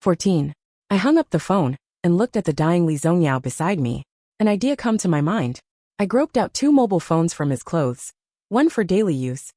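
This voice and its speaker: A woman narrating a first-person audiobook story in a steady storytelling manner. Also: lowish voice, no room sound, clean studio sound.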